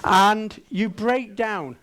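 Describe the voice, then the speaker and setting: Slow-talking high-voiced man. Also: a bit bright. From England. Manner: playful, coaxing the audience with questions. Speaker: conference speaker. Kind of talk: interactive keynote talk. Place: conference stage.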